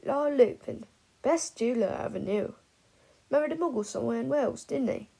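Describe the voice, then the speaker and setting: A woman's voice: sits high, brisk, gravelly, husky, heavily acted, low-quality recording. A woman voicing a drunk old wizard who slurs and rambles. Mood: tipsy rambling. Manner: slurred, blustering, gets loud.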